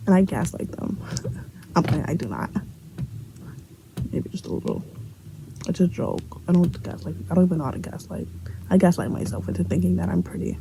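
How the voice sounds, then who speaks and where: A woman's voice: on the low side, vocal fry, dark tone, slight background noise, rough recording. A young woman from Brooklyn with a New York accent tells a storytime vlog in a blunt, profane, joking way, acting out what the other people said. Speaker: vlogger telling a story. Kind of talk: casual storytime monologue.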